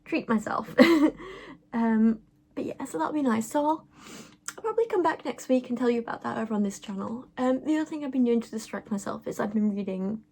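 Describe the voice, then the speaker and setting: A woman's voice: fairly high pitch, expressive, fast talker, mellow. A young woman chatting casually to camera, rambling with lots of fillers as she vlogs. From England. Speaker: vlogger.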